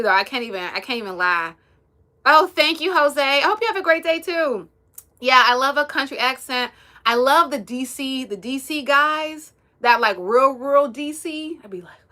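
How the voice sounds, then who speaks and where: A young woman from the US East Coast chats on her livestream, reading out viewer comments. Her voice is bright and a little high, and she giggles often between easygoing remarks. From United States, East Coast. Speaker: livestream host.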